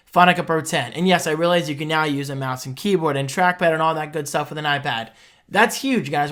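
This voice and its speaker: A young man talking casually in a tech reaction vlog, excitable and quick to get loud and heated. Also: on the high side. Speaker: tech vlogger.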